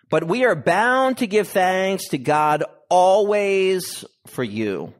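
A male pastor reading scripture and preaching an expository sermon, with emphatic pauses and a deliberate delivery. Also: high-pitched, animated.

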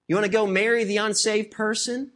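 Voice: medium pitch, fairly even intonation, brisk, a bit bright. A pastor preaching a sermon emphatically, repeating key phrases and asking the congregation rhetorical questions.

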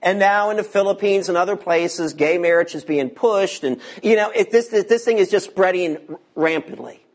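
A high-pitched American man in his fifties preaches a sermon, swelling into emphatic shouts and slowing down when he reads scripture.

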